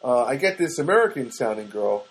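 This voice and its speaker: A man's voice: mid-range voice, very animated, fairly quick, low-quality recording. A man talking alone in his small studio apartment, telling a rambling, exasperated story for his podcast. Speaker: solo podcaster. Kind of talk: casual monologue.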